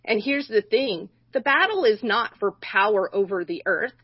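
A woman's voice: medium pitch, animated, normal speed, breathy edge, dry recording, muffled recording. A woman co-hosting a Bible discussion, speaking earnestly and emphatically, often restarting her sentences. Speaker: co-host.

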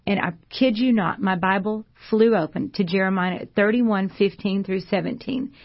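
A woman's voice: mid-range voice, normal speed, lo-fi sound. A woman, a pastor's wife giving a fervent, preacherly testimony on a Christian talk show. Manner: fervent, preacherly, repeats phrases.

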